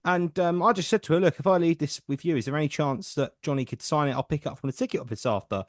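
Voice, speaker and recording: A man's voice: a little high, fast talker, dry recording, clean studio sound. A man from hosting a casual podcast chat, enthusiastic as he reacts and shares his own fan story. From England. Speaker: podcast host.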